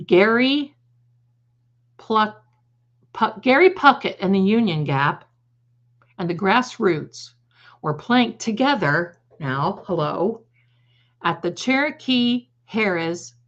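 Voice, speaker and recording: A woman's voice: on the low side, a bit bright. An older woman hosting a tarot livestream, telling rambling funny stories in a chatty, digressive way and laughing at her own jokes. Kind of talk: casual storytelling to a live audience. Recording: slightly dull lo-fi sound.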